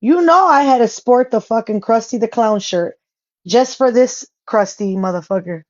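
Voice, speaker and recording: A woman's voice: fairly high pitch, moderate pace. A woman ranting in a vlog callout, blunt, profane and confrontational, with a dull lo-fi sound. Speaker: social media vlogger.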